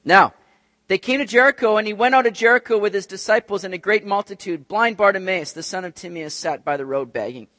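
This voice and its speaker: A male pastor reading scripture aloud and preaching an expressive sermon. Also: sits high, fairly quick, dry recording. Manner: expressive, acts out quoted voices.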